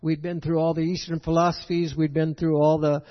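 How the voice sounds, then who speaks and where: A man's voice: fairly high pitch, little pitch movement, a little fast. An older man preaching a sermon, folksy and rambling, often checking with "right?". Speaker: pastor. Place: church sanctuary. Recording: echoey hall, dull lo-fi sound.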